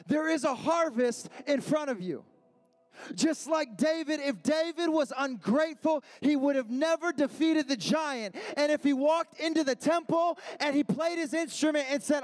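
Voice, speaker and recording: A young man preaching a youth sermon in a slangy, repetitive style, building to shouted refrains. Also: very high voice, expressive, normal speed. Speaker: youth pastor. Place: youth service gathering.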